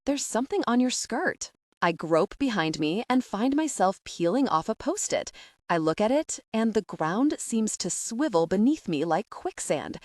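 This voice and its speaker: A woman narrating a first-person novel in an expressive storytelling voice. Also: mid-range voice, a little slow, dry recording, clean studio sound, far from the mic. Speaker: audiobook narrator.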